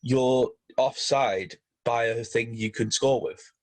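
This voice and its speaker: A man co-hosting a casual football podcast, talking in halting bursts with many restarts. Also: mid-range voice, steady tone. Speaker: podcast co-host.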